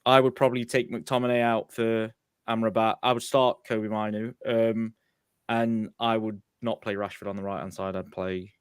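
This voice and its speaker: A man's voice: fairly low pitch, level tone, moderate pace, clear, resonant tone, no echo, clean studio sound. A man hosting a casual football fan show, chatting candidly with frequent ums.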